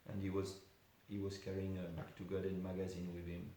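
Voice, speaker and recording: A man's voice: low voice, completely flat delivery, fairly quick, warm tone. A man giving an informal class at a temple, telling a story conversationally with many asides. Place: temple hall. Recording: very echoey room with faint hiss.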